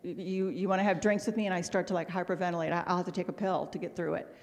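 A woman's voice: on the low side, steady tone, fast, darkish tone. A middle-aged woman from Missouri giving a humorous, candid public talk as a guest speaker, rambling with self-deprecating asides. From Missouri, USA. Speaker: guest speaker at an autism symposium. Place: large hotel ballroom. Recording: long reverb of a large ballroom.

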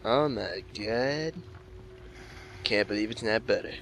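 A man's voice: lowish voice, slow, a bit bright, faint music behind. A man playing a video game and commenting casually, swearing often and snapping back at the game with exasperated outbursts. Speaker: let's play gamer.

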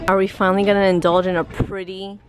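A woman's voice: mid-range voice, flat delivery, fast, a crowd in the background. A woman vlogging while shopping in a store, chatty and giggly, teasing her partner. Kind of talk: casual vlog chat.

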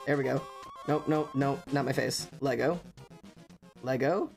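Hyped-up streamer chatting live, fast and stammering, mid-pitched voice over faint background music. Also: vocal fry, a little mellow. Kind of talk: casual livestream chat.

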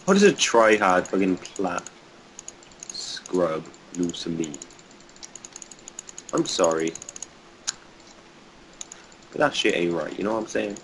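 A man's voice: fairly low pitch, big pitch swings, moderate pace, pauses often, fairly bright tone, a little hiss or hum. A young man chatting while gaming, blunt and mocking, swearing a lot, recorded on a desk or headset mic. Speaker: gamer. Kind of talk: casual chat while gaming.

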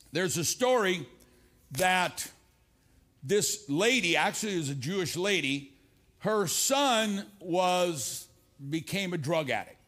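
An older man preaching a sermon to a congregation, rising on repeated lines and dropping low and confiding when he tells a story. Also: fairly bright tone. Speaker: pastor. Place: church stage before a congregation.

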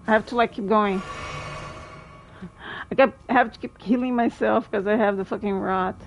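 A woman streaming a video game, reacting excitedly to boss fights and chatting to her viewers. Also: medium pitch, normal speed, muffled recording, slight background noise. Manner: excitable, exclaims often, thanks viewers. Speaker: gaming streamer. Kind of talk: live gameplay commentary.

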